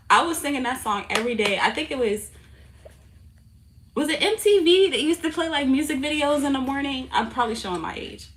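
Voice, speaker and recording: A woman in her late twenties hosting a tarot livestream, telling stories in an animated, cursing, laughing way. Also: on the high side, a little hiss or hum. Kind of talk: casual livestream chat. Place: home, indoors.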